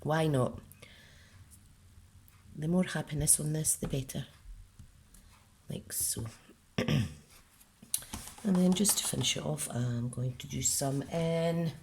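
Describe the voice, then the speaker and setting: A woman's voice: low voice, measured pace, pauses often, a little mellow, slight background noise. A woman with a Scottish accent, chatting her way through a card-making tutorial and talking herself through each step. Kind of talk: casual crafting tutorial.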